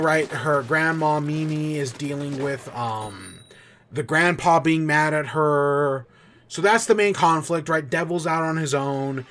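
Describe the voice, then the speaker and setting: A man's voice: a little high, slight background noise. A man hosting a podcast, enthusiastically recapping a cartoon episode in a rambling, casual way with frequent fillers and swearing. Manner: excited, rambling, swears freely. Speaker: podcast host.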